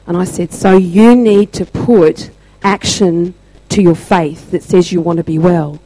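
A woman shares a testimony in a mellow, warm voice. She paces it slowly and leans on pauses for emphasis. The sound is dry and close. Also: lowish voice, fairly even intonation, no room sound, rough recording. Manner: slow, deliberate storytelling with emphatic pauses. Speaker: church member sharing testimony. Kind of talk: testimony sharing.

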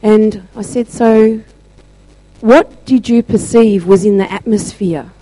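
A woman sharing a church testimony, telling her story slowly and deliberately with emphatic pauses. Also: medium pitch, warm tone, dry recording, low-quality recording.

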